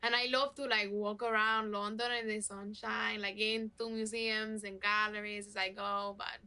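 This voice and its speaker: A woman's voice: medium pitch, little pitch movement, moderate pace, pushed and bright, clean tone. An actress playing a playful young woman from Granada with a Spanish accent, teasing her video date. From Granada, Spain. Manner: teasing, playful, laughs often. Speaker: date in a video dating game.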